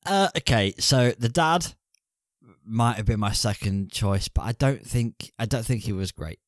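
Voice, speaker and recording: A man's voice: mid-range voice, expressive, measured pace, no echo, studio quality. A man co-hosting a casual film review podcast, bantering crudely with rambling asides. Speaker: podcast co-host.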